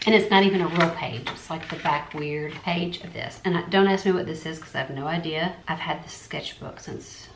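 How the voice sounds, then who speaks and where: Lowish-voiced woman chatting about art supplies, talks to herself, roomy echo with faint hiss. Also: normal speed, few pauses. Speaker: art YouTuber. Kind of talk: casual art supply haul. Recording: echoey room, faint noise.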